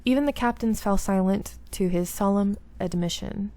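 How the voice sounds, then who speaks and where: A woman's voice: mid-range voice, normal speed, mellow. A woman reading visual novel narration aloud and breaking off into chatty, self-deprecating asides.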